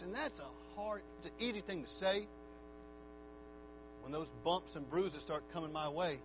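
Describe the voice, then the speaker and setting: Male preacher, very high pitch, hushed reflection building to shouted fervor. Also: noisy background. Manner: quiet reflective build-up rising to shouted fervent altar call. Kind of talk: sermon. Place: church.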